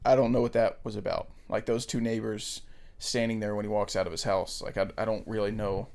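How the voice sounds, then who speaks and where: Gravelly man musing over a film. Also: fairly low pitch, flat delivery, a little mellow. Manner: thoughtful, hesitant, pauses with ums. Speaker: podcast co-host. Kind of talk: casual film discussion.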